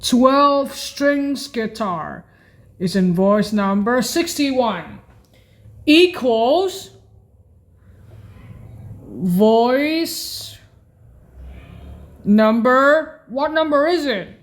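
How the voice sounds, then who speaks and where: A woman explaining keyboard voice settings in a casual way, halting and often correcting herself and apologizing. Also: on the high side, expressive. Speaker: keyboard instructor.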